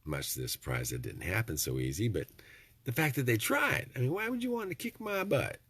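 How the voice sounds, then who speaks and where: A man's voice: medium pitch, big pitch swings, a little fast, fairly bright tone, husky, dry recording. A middle-aged man, rambling in a folksy, preachy vlog monologue with joking asides. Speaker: vlogger.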